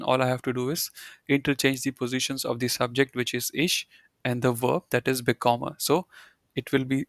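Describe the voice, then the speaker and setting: A man's voice: mid-range voice, fairly bright tone, dry recording, clean studio sound. A man teaching a German lesson, explaining step by step and often repeating key points with "you know" and "right". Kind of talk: live online language lesson.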